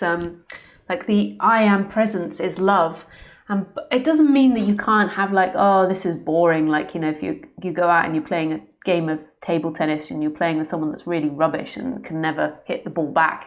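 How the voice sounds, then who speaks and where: A woman spiritual teacher giving a live-streamed talk from a room at home, earnest and searching, pausing often. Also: on the low side, steady tone. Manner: earnest, searching, with pauses and ums.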